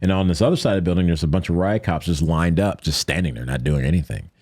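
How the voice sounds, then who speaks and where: Guy with a real low voice telling a story on a podcast, jokey, acts out the quotes. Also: fast talker, creaky, dry recording, studio quality. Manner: animated, acts out quoted lines in a higher voice; jokey, conversational with many fillers. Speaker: podcast guest. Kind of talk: casual storytelling interview.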